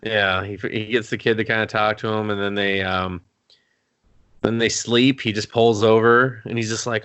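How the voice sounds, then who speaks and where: A man's voice: lowish voice, level tone, moderate pace, a bit bright, smooth. A man co-hosting a casual movie-review podcast, joking and swearing while acting out characters. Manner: joking, profane, laughs and acts out characters. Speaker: podcast co-host.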